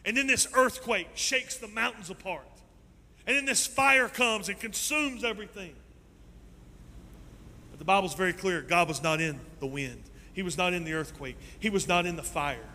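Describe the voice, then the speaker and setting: Animated male preacher in an echoing hall. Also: sits high, moderate pace, slight background noise. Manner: animated preaching, swings from loud to soft. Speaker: pastor. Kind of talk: sermon. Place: church sanctuary. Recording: long reverb in a large hall.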